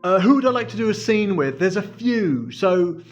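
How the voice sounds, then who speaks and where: A chatty, self-deprecating middle-aged man from the UK answers viewer questions to camera with a slightly high voice. The recording sounds muffled and lo-fi, with faint music behind him. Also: big pitch swings, normal speed. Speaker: vlogger. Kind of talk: casual chat to camera.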